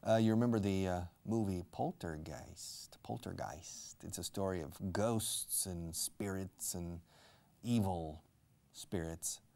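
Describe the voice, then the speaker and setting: A low, gravelly male voice with a mellow, dark tone. He teaches English in an unhurried, chatty way. He repeats key words and keeps asking his learners questions. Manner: explains slowly, repeats words, switches to Spanish for learners. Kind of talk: casual language lesson.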